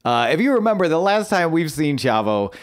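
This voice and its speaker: A man's voice: fairly high pitch, very animated, brisk. A man co-hosting a podcast, eagerly recapping a show in casual chat with frequent fillers and restarts. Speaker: podcast co-host.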